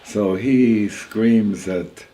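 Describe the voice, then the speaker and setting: An elderly man in his eighties, a rabbi telling a story at a gathering in a lively, chuckling way, sprinkling in Yiddish words. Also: lowish voice, drawn-out words, slight background noise, rough recording. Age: 80s.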